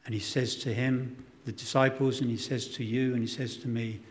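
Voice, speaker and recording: A man's voice: mid-range voice, flat delivery, normal speed. A man preaching a sermon, dramatic and emphatic, acting out quotes, with self-deprecating humour. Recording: long hall reverb.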